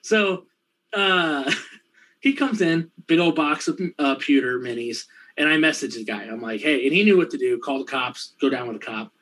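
A man telling a profane anecdote in casual chat, laughing often and acting out the other people's lines in quick, rambling bursts. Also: mid-range voice, expressive, fairly bright tone, poor audio. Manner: quick, rambling delivery with fillers. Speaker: storyteller in a conversation.

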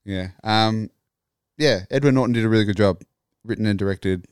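A man's voice: lowish voice, a little fast, darkish tone, clear, resonant tone, no echo, studio quality. A man co-hosting a casual podcast chat, talking in a rambling, laid-back way. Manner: rambling, full of fillers and restarts, laughs often. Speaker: podcast co-host.

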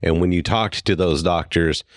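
Deep-voiced, earnest male podcast host. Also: normal speed, no echo, clean studio sound. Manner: earnest, gets worked up and apologetic. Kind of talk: casual podcast talk.

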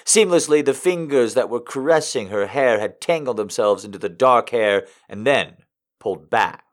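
Man reading a story with a lively voice. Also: mid-range voice, normal speed. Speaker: narrator.

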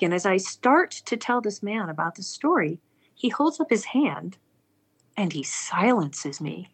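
A woman's voice: medium pitch, measured pace, slightly rough. A woman earnestly telling a personal story aloud, acting out the people she quotes. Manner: earnest, animated, acts out quoted speech.

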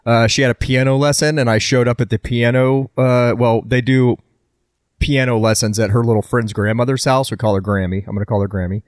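A man co-hosts a relaxed podcast chat and tells stories with deadpan humor. His voice sits at an ordinary middle pitch. The sound is close and dry. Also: fairly quick, dry recording. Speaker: podcast co-host. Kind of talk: casual chat.

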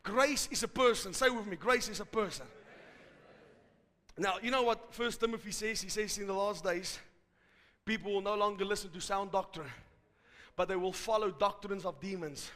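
A man preaching a fervent sermon to a live congregation, rising to shouts at its peaks. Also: sits high, normal speed, pauses often. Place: large church hall. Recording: hall reverb from a live service.

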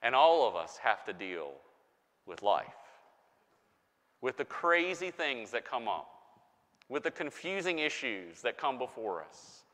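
A man preaching as a pastor, giving a sermon with animated, playful emphasis. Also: medium pitch, measured pace, long pauses. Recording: long hall reverb.

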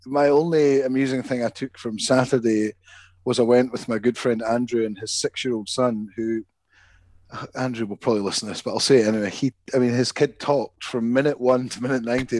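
A man's voice: mid-range voice, darkish tone, no room sound. A man in a casual podcast chat, telling an anecdote with small stammers and restarts. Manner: hesitant start, then chatty anecdote with stammers. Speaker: podcast co-host.

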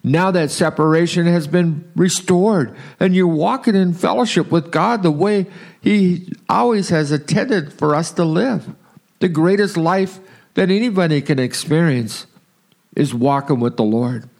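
A man from Southern California giving an earnest devotional sermon, slowing down to read scripture aloud. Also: on the high side, vocal fry, a little mellow. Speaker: preacher.

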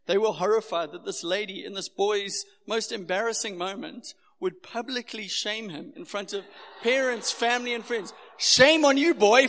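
Gravelly South African man preaching. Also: a little high, a bit bright. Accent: South African, Durban. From Durban, South Africa. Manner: earnest, personal, conversational preaching. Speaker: pastor. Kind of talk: sermon. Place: church hall. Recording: echoey hall.

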